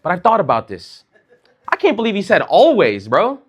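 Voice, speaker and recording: Speaking high with enormous pitch swings, a Chicago comic in his thirties works a comedy club crowd in a loose, talky set full of "like" and "bro." He keeps a normal speed, and there's a breathy edge to his voice.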